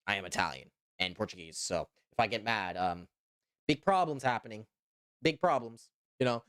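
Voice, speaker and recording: A man's voice: on the low side, expressive, normal speed, fairly bright tone, clear, resonant tone, dry recording, studio quality. A young man from Canada streaming as a VTuber, chatting casually with viewers and rambling with lots of "you know" and "trust me". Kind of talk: casual live-stream chat reading viewer comments.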